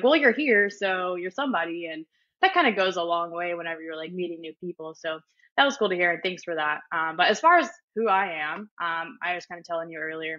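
A friendly woman guest who talks quickly, with a lowish but bright, forceful voice. Her audio sounds dull and lo-fi, with dry room sound. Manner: friendly, quick, with many fillers. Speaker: podcast guest, strength coach. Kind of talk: casual interview chat.

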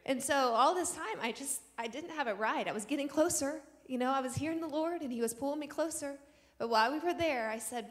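A woman's voice: high-pitched, a little fast. A woman missionary sharing a personal testimony with a church audience, telling her story earnestly and acting out the dialogue. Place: church sanctuary. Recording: long reverb of a church hall.

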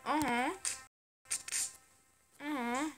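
A young man putting on a squeaky, high-pitched sidekick voice that mocks and mutters along. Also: steady tone, extremely slow, music in the background, full character voice. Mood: teasing. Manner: mimicking, muttering "uh-huh".

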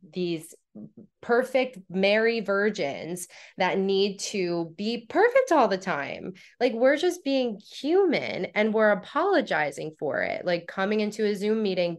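A young woman guest on a podcast, chatting casually and acting out her own inner dialogue in animated stories. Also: mid-range voice. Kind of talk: casual conversational storytelling.

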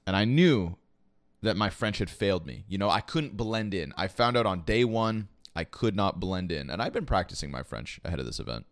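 A young esports caster and podcast host from Quebec, Canada, tells a casual, rambling story, swearing freely and leaning on fillers like "you know" and "like." His voice is low-pitched with lively intonation and a brisk pace, captured in a dry, clean studio recording.

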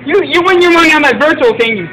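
A young man vlogging while playing an arcade coin game, excitable and quick to frustrated shouting and swearing. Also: very high-pitched, low-quality recording. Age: teens or young adult. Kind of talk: casual vlog commentary while playing. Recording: loud background music in an arcade.

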